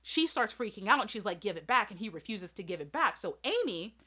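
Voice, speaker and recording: A woman's voice: medium pitch, sing-song, fairly quick, pushed and bright, slightly rough. A woman reviewing a movie in an indignant, emphatic way, firing rhetorical questions and talking straight to her audience.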